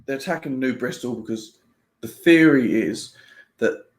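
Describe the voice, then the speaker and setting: A man's voice: mid-range voice, moderate pace. A man giving a casual spoiler review of a book, chatty and rambling, laughing often and restarting his sentences. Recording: roomy echo.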